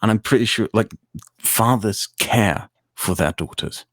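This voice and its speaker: A man with a very low, gravelly voice makes his points earnestly, going back over them again and again. The sound is dry and close. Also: unhurried, dry recording. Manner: earnest, repetitive, insistent. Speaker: stream panelist. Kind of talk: casual commentary chat.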